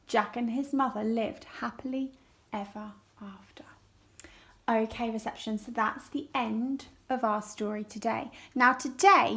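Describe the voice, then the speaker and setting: Slow, clear teacher, higher voice. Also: female voice, fairly bright tone. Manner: slow and clear, asks children questions. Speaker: primary school teacher. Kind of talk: reading a story aloud for a lesson.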